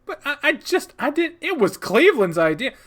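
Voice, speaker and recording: A man's voice: extremely high pitch, sing-song, normal speed, fairly bright tone, pitched above the performer's own voice, full character voice. A man voicing a nervous young man who gets flustered and stammers in a visual novel.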